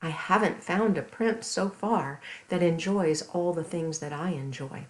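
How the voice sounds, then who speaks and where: A woman voicing a lonely, polite young princess in a storybook read aloud for children, speaking gently and courteously. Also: lowish voice, a little slow, lightly acted, rough recording.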